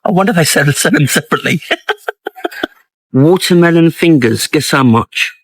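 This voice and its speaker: A man's voice: fairly high pitch, lively intonation, moderate pace, husky, no echo, low-quality recording. A man vlogging in supermarket aisles, cracking wry jokes and puns about prices and laughing at his own lines. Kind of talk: joking supermarket vlog.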